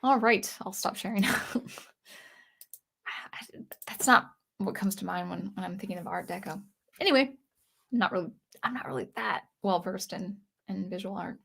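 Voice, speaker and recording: A woman's voice: mid-range voice, moderate pace, gravelly, long pauses, a bit bright, breathy edge. A woman hosting a casual livestream for a music channel, reading viewer comments and rambling with frequent restarts.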